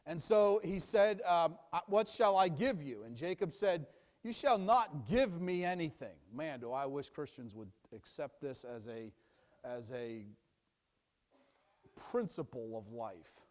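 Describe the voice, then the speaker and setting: A young adult man teaching from the Bible in a sermon, emphatic and repetitive, dropping low and quiet for asides. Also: expressive, unhurried. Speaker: preacher.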